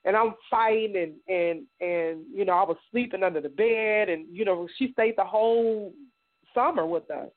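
A middle-aged woman from Indiana giving personal testimony in a radio interview, halting and repeating words as she acts out what others said. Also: mid-range voice. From Indiana, United States. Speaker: guest survivor telling her story. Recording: tinny phone-like radio sound.

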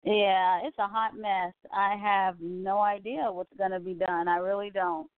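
A woman's voice: mid-range voice, steady tone, unhurried, smooth, no echo. A woman from California hosts a live online show and talks in a loose, chatty ramble full of asides. Her voice comes through thin and tinny, like a phone line, with a dry, close sound. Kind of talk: casual rambling commentary.

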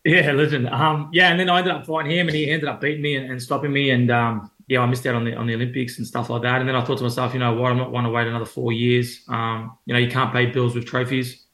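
A man's voice: mid-range voice, level tone, quick pace, hardly any pauses, bright, forceful tone. A young Australian man, a boxer, telling stories in a loose, rambling way full of fillers and restarts. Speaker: professional boxer guest. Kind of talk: casual interview storytelling. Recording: roomy echo.

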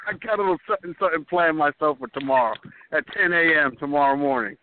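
A man's voice: a little high, fast talker, slight background noise. A man calling in by phone, trading smug, teasing wrestling-style trash talk. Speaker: caller. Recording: tinny phone line.

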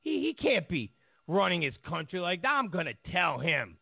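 A man imitating a male president who lectures in a halting, stumbling way. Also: high voice, very animated, gravelly, slightly rough, no echo, full character voice. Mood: lecturing. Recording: tinny phone-like line.

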